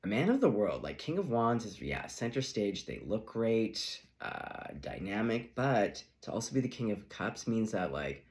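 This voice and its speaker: A man's voice: on the low side, very animated, normal speed, few pauses. A man giving a casual tarot reading in a playful, chatty way, acting out little reactions as he goes. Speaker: tarot reader.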